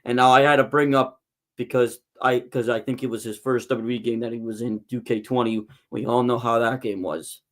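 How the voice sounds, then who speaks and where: A man's voice: mid-range voice, fairly even intonation, fairly quick. Guy rambling through fan stories on a podcast, keeps restarting his sentences. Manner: rambling storyteller with many restarts. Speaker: guest, wrestling promotion figure. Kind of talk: casual podcast chat.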